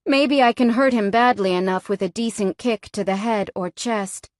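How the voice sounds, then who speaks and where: A woman's voice: mid-range voice, moderate pace, darkish tone, no echo, clean studio sound. A woman narrating a romance novel in the first person, in a tense, dramatic manner. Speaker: audiobook narrator.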